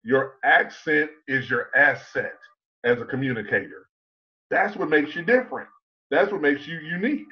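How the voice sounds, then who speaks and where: Slowing down to drive home key points, a man coaches on public speaking during an online conference talk full of emphatic rhetorical questions. His voice is on the high side, and the audio is dull.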